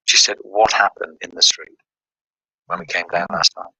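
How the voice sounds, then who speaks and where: A man's voice: deep voice, flat delivery, moderate pace, vocal fry, pushed and bright, husky, dry recording, rough recording. A man from the United Kingdom telling a personal religious testimony, recounting events with quoted dialogue.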